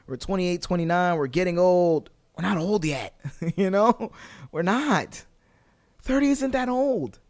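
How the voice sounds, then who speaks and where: A man's voice: a little high, dry recording. Earnest rambling man, dry close mic. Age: 20s. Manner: earnest, rambling, many fillers and restarts. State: slightly hoarse voice. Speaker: podcast host. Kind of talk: casual solo podcast monologue.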